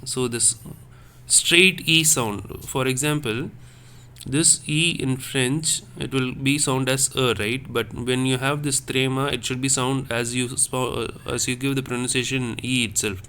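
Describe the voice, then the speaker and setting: A man teaching a French class online, explaining slowly and correcting himself as he repeats words. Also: mid-range voice, level tone, fairly bright tone, smooth. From India. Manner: slow, repetitive explaining with self-corrections.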